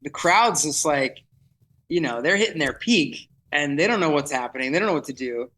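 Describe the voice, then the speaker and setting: A man telling a vivid, excitable story in podcast chat, often restarting his sentences. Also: fairly high pitch, normal speed, poor audio. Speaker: festival producer guest.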